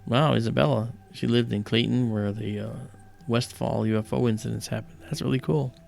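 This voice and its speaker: A man's voice: medium pitch, fairly even intonation, fairly quick, creaky, darkish tone, a little hiss or hum. A middle-aged man hosting an astronomy livestream, chatting casually and rambling with lots of "you know".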